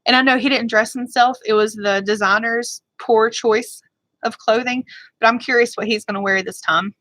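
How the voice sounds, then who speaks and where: Bright, fired-up beauty vlogger woman. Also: fairly high pitch, fairly even intonation, no echo, poor audio. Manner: rambling, fired up, talks fast. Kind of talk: casual livestream chat answering viewers.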